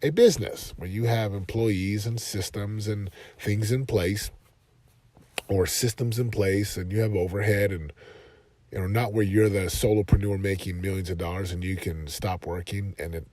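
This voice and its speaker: A man in his thirties hosting a motivational podcast from his car, talking earnestly and rising to loud, passionate emphasis. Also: deep voice, fairly even intonation, moderate pace, dry recording. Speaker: podcast host and life coach.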